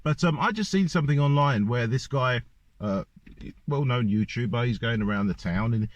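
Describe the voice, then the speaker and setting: A man's voice: medium pitch, moderate pace. Man, ranting monologue, repeated rhetorical questions, dull lo-fi sound. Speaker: vlogger. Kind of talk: monologue to camera. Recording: dull lo-fi dry recording.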